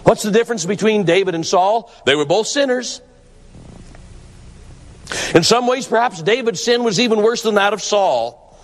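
A man's voice: sits high, animated, normal speed, pauses often. A man preaching a sermon in an earnest, emphatic way, often repeating words for stress. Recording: long hall reverb.

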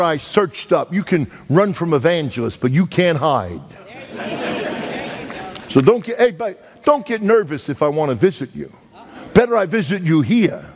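A male evangelist preaching a storytelling sermon, animated and joking with the congregation, acting out sounds and voices. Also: a little high.

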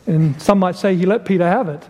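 A man preaching a sermon, deliberate and emphatic, repeating key phrases and asking rhetorical questions. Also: high voice, a little mellow. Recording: long hall reverb.

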